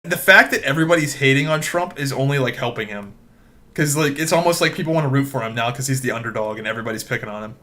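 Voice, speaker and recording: A man's voice: medium pitch, lively intonation, quick pace, pushed and bright. A man co-hosting a podcast in casual chat, cutting in with blunt, profane remarks. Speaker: podcast co-host.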